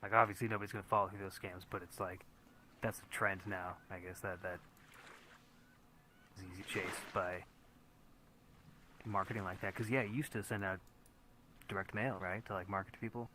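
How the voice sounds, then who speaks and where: A man in a laid-back podcast chat who often pauses to search for words. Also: deep voice, steady tone, pushed and bright, a little hiss or hum. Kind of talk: casual chat.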